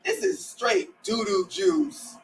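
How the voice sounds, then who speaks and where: A man streaming a live football game, reacting with loud, sarcastic exclamations and rants. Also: very high-pitched, sing-song, slow pace, faint music behind, poor audio. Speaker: sports streamer. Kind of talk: live watch-along reaction.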